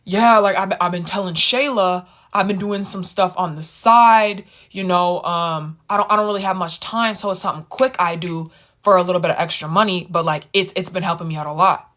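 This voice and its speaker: Woman doing a chill young dude, deep lowered voice, laid back, not much of a talker. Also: fairly quick, a bit bright, natural voice. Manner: easygoing, few words. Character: laid-back young man, big quiet teddy bear.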